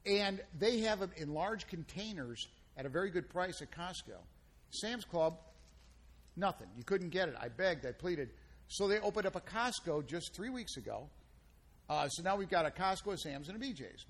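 Male radio host, high voice, folksy storyteller. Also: animated, normal speed. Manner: folksy storytelling with playful banter. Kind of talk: casual radio chat.

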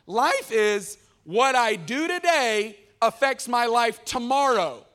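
Brief: male pastor, high voice, chatty sermon delivery that voices the people in his story. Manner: lively, conversational preaching with asides to the crowd; acts out characters in quick voiced exchanges.

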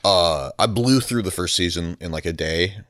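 A man co-hosting a casual podcast chat, relaxed and hesitant with lots of ums. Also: deep voice, normal speed, dry recording, clean studio sound. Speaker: podcast co-host.

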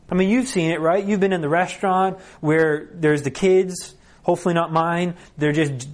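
A middle-aged man with a high-sitting, darkish voice delivers a conference sermon conversationally, acting out the lines he quotes.

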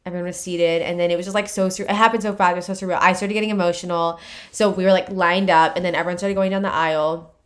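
A woman's voice: lowish voice, steady tone, fast, fairly bright tone. A young woman co-hosting a podcast, chatting casually and rambling with lots of filler words and restarts. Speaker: podcast co-host. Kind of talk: casual chat.

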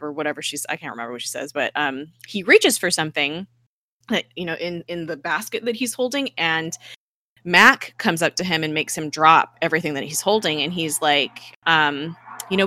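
A woman with a bright, slightly lowish voice chats through a TV episode recap, jumping into quick impressions of the characters as she goes. The sound is close and dry. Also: dry recording. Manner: animated retelling, acts out characters' lines. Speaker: podcast co-host recapping a TV episode. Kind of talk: casual chat, retelling scenes.

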